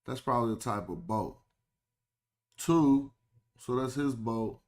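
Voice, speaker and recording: A man speaks in at a mid pitch, hosting his own livestream in a loose, casual way. He thinks aloud as he reads, sounding out words slowly and drawing them out. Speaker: livestream host. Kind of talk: casual livestream study talk.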